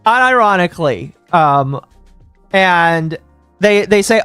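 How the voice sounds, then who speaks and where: A man's voice: high voice, moderate pace, pushed and bright, smooth, no echo, faint music behind. A man hosting a live stream in a casual rant, heated and swearing, with frequent stammers and restarts. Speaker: stream host.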